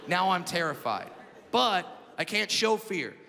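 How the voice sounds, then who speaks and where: A man in his thirties performing a stand-up comedy set with animated storytelling that swings between loud bursts and quiet asides. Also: high voice, a little slow, gravelly. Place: large comedy venue with a live audience. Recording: reverberant hall with audience noise.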